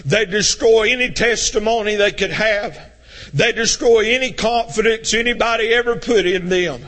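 High, bright-voiced preacher shouting. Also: male voice, moderate pace. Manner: swings between shouting and low intense tones. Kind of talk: fiery sermon.

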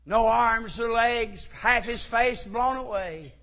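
A man preaching a sermon, telling stories and rising to shouted fervor. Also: very high voice, slow. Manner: rises to shouted fervor in quoted lines. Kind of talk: sermon storytelling.

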